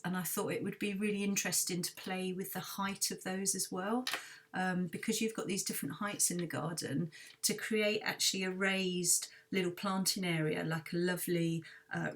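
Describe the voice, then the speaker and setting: A woman, a garden designer, walks a client through a design review in a friendly, thinking-aloud way with many pauses. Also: lowish voice, far from the mic.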